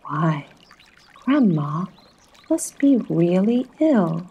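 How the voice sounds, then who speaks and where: A woman's voice: fairly low pitch, sing-song, drawn-out words, mellow, breathy edge, highs cut off, exaggerated voice. A woman voicing an innocent young girl in a bedtime storybook, crying out in a raised voice. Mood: wondering.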